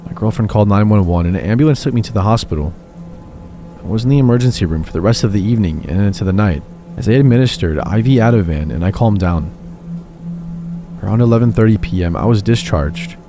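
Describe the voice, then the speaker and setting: A man calmly telling horror stories in steady scripted narration. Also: fairly low pitch. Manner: calm, steady storytelling. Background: faint background music.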